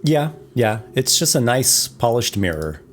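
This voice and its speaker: A man acting as game master, describing a dungeon room in a relaxed, descriptive way with frequent small restarts. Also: mid-range voice, measured pace, a little hiss or hum. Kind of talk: narrating a tabletop game.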